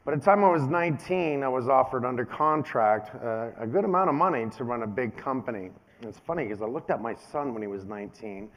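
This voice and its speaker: Male keynote speaker, 50s, lively storyteller, casual and conversational. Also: mid-range voice, brisk, hardly any pauses, dull audio. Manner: animated storyteller, acts out quoted voices.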